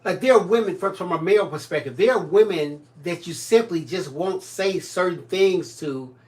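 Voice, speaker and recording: Sitting high in pitch and talking at normal speed, a man co-hosts a home crafting livestream. He reads comments from viewers aloud, teasing and joking as an animated storyteller in casual conversation.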